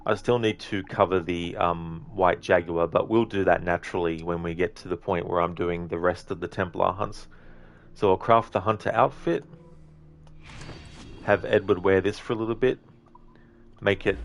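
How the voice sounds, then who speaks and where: A man with a deep, low-pitched voice talks through a live gameplay stream. He chats easily with viewers, reads their messages and thanks them, often pausing on an um or correcting himself partway through a sentence. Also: steady tone, slight background noise. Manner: frequent ums and self-corrections. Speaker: livestreamer. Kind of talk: casual live game-stream commentary.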